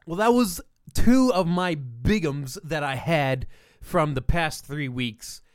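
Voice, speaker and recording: A young man co-hosting a podcast, telling a story with lively, animated delivery and reading text messages aloud. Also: a little high, no echo, studio quality. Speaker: podcast co-host. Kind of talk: casual podcast banter.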